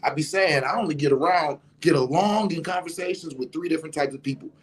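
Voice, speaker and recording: Animated, profane man telling a story. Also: fairly high pitch, quick pace. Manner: animated, profane, gets loud and emphatic. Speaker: podcast host. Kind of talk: casual storytelling chat.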